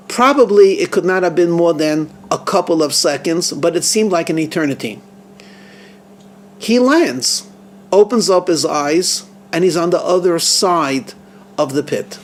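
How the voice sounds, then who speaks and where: A rabbi with a high voice tells a story in an earnest, halting way, often repeating himself as he searches for his words. A faint hum runs under the recording the whole time. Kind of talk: storytelling sermon.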